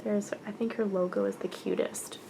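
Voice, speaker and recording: A woman hosting a chatty podcast, gushing with excitement and often slipping down to a near whisper. Her voice sits at a middling pitch. A faint background hiss runs under it. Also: moderate pace, vocal fry. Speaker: podcast host. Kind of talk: casual podcast chat showing yarn to camera.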